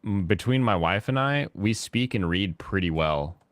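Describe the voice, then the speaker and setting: A man with a fairly low voice hosts a laid-back chat as he plays, drifting from thought to thought. He stops and restarts often and fills his gaps with "uh" and "like". The sound is dry and close. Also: expressive, clean tone, no room sound. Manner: rambling, halting with many fillers. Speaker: host. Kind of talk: casual chat while gaming.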